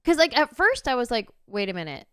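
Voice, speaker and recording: Woman in her 30s chatting on her podcast, smooth clear voice, super dry close sound, acts out stuff. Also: on the high side, fairly quick, no echo. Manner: animated, acts out her own reactions. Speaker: podcast host. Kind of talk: casual storytelling chat.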